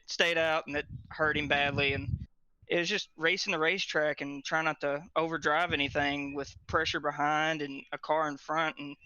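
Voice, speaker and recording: A young man, out of breath and excited, being interviewed right after winning a sim race championship. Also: on the high side, clear, resonant tone, no room sound. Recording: dry, dull lo-fi mic.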